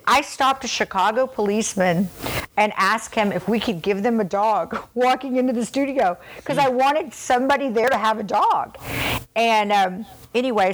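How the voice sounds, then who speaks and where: Woman, animated storyteller, salty language, slight background noise. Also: medium pitch. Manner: animated, emotional storyteller, swears freely. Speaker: founder of a police dog charity. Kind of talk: casual storytelling chat.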